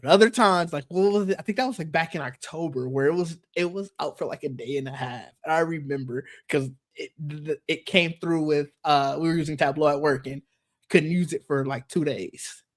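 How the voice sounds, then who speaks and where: A man's voice: fairly high pitch, fairly quick. A man co-hosting a tech podcast, chatting casually and rambling, with frequent restarts and easy laughter. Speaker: podcast co-host.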